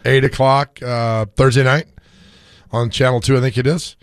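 A middle-aged man hosting a casual sports radio chat, slightly hoarse from screaming, telling stories with frequent laughter. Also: medium pitch, normal speed, no echo. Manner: animated storyteller, laughs often.

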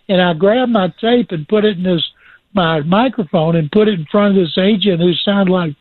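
High-voiced man telling stories over the phone. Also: normal speed, no echo. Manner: lively, imitates people in his stories. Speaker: guest recounting sports stories. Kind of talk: anecdotal storytelling. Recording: tinny phone line.

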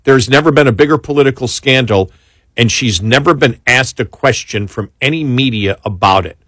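A man hosting a political talk show, talking in an exasperated, animated way with many restarts. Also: medium pitch, moderate pace, no room sound, studio quality. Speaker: talk radio host.

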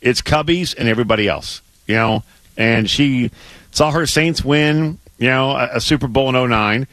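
A man's voice: medium pitch, moderate pace, a bit bright, dry recording. Fired-up male sports radio host. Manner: emphatic, fired-up, repeats himself. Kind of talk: casual radio banter. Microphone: studio microphone.

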